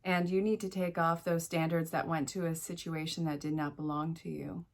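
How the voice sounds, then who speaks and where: A woman with a fairly low voice reads tarot cards for an unseen viewer. She speaks directly to "you" in an encouraging, frank way and breaks off into chatty asides to spirit. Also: flat delivery, normal speed. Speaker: tarot reader. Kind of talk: solo tarot reading to camera.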